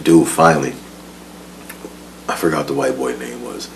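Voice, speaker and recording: A man's voice: extremely low pitch, fairly even intonation, normal speed, slight background noise, low-quality recording. A man telling a life story in casual, profane slang, often laughing, repeating words and asking if you follow. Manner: profane, slangy, keeps asking "you know what I'm saying".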